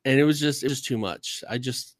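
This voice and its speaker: A man's voice: medium pitch, fairly quick, no room sound. A man who streams games, telling a story in casual podcast chat, talkative and worked up. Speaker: streamer and gamer.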